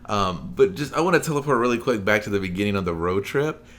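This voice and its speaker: A man's voice: fairly low pitch, animated, fast talker, fairly bright tone. A man co-hosting a casual movie review chat, swearing freely, laughing, and acting out scenes in little voices. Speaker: podcast co-host.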